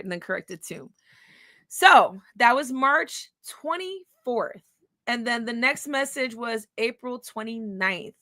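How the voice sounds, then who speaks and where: A woman's voice: a little high, expressive, a little slow, pushed and bright, no echo, studio quality. A woman vlogger telling a story in casual talk, reading old messages aloud in a blunt, profane, scornful way.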